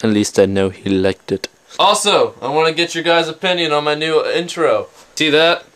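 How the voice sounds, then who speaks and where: A man's voice: a little high, expressive, moderate pace, fairly bright tone. A young man rambling to his camera in a casual bedroom vlog, jumping between topics and mocking himself. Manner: jumpy, self-mocking, talks straight to the camera. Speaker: vlogger.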